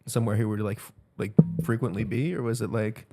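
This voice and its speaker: A man's voice: fairly low pitch, fairly even intonation, fast talker, dark tone. A man co-hosting a comedy podcast, reacting to a guest's story and asking follow-up questions. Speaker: podcast co-host. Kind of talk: casual chat.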